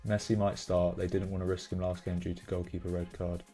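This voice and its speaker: A young man with a British accent hosts a casual live stream, speaking in a fairly low voice. He rambles through his advice and then erupts into loud, swearing excitement over the results. Faint music plays softly behind him. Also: brisk. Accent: British English. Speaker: streamer hosting a fantasy football stream. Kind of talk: casual live-stream chat, reading out chat messages.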